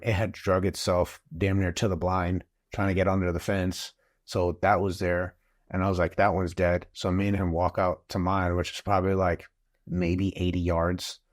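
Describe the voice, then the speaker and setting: A man, a father and guest on a podcast, telling a story in a casual, animated way and acting out what people said. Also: low voice. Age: adult father of school-age kids. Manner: animated, acts out quotes in the story.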